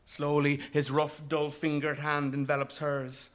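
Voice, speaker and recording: A man narrating a literary story in a measured, vivid way, with rhythmic phrasing. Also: fairly high pitch, monotone, fairly bright tone.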